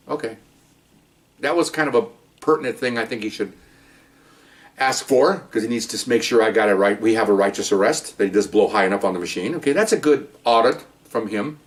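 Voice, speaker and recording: A middle-aged man, a former police officer, telling his own stories in an animated monologue with sarcastic asides. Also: mid-range voice, fast talker. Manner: animated, sarcastic asides, mimics people he quotes. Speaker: retired police officer, podcast host. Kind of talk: storytelling monologue.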